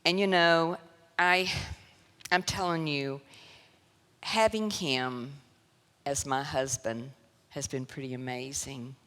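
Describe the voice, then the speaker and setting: Taking it slowly, with long pauses, a Southern US woman shares her personal testimony as a guest speaker, laughing and grieving by turns. Her extremely low voice is fairly bright with fairly even intonation, echoing with long church hall reverb in the sanctuary.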